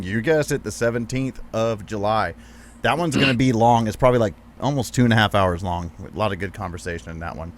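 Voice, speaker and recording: A man's voice: medium pitch, slight background noise. Swearing, laughing podcast host, a man. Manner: laughs often, swears freely, teasing. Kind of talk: casual podcast chat.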